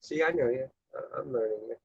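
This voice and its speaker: Gravelly man, casual and foul-mouthed host, dry muffled recording. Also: mid-range voice, brisk, dry recording. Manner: chatty and crude, swears freely. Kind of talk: casual chat.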